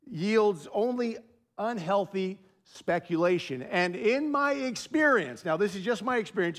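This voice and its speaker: A male pastor giving a sermon in a conversational way, telling personal stories and repeating key phrases for emphasis. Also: high-pitched. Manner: drops to a soft hush when telling a quiet story.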